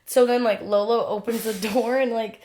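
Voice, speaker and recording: A young woman co-hosting a podcast, telling a story in casual chat, acting out quotes loudly and swearing freely. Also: fairly high pitch, steady tone, normal speed. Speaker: podcast co-host.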